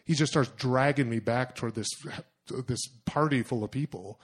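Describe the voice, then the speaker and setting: Animated man telling a travel story. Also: mid-range voice, normal speed, husky. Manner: animated, self-mocking, lots of fillers and acted-out inner voices. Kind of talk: personal story told to an audience.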